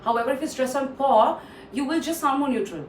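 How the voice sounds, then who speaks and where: Giving an online pronunciation lesson, a female English trainer explains every word and repeats it for practice, using "uh" a lot. Her voice is high-pitched and fairly quick, picked up from a distant mic in an echoey room with faint background noise.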